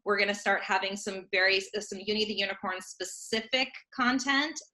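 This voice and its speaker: A woman's voice: medium pitch, normal speed, bright, forceful tone. A woman in her thirties from a children's theater company, chatting animatedly in an interview and laughing often. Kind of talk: casual remote interview chat.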